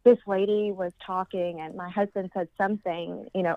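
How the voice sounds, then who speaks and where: Brief: grieving woman guest, rambling, animated quotes, mid pitch, dry sound. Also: a little fast, creaky, hardly any pauses, no room sound, lo-fi sound. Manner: rambling, acts out quoted voices with big jumps in pitch. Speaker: podcast guest. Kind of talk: casual conversational storytelling.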